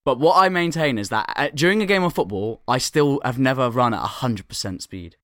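A man's voice: medium pitch, animated, brisk, fairly bright tone, no echo, studio quality. A young man co-hosting a podcast, playful and jokingly boastful in casual chat. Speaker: podcast co-host.

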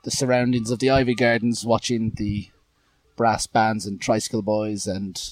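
A man's voice: lowish voice, flat delivery, normal speed, no room sound. A man hosting a podcast, rambling and self-mocking in casual chat. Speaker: podcast host. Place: outdoor festival grounds in later part.

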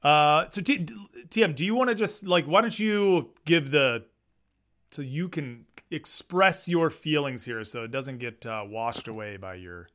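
A man's voice: on the high side, unhurried, fairly bright tone. A man co-hosting a casual sports podcast, chiming in with laid-back agreement. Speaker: podcast co-host.

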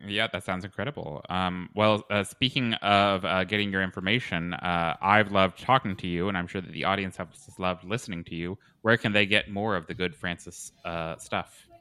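Brief: young male comedy podcast host, deadpan, low and bright. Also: moderate pace, clean tone, no echo. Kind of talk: casual comedic interview.

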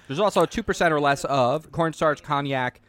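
A man co-hosting a podcast, chatting casually during an eating challenge and reading out an ingredient list in a flat run. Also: on the high side, normal speed, very noisy. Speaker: podcast co-host.

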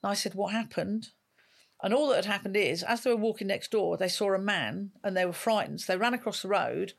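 A woman's voice: medium pitch, fairly quick, creaky. A woman in her fifties, a retired police dog handler, telling stories in an interview and acting out the dialogue she quotes. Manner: vivid storyteller who acts out quoted dialogue. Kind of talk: emotional storytelling in an interview.

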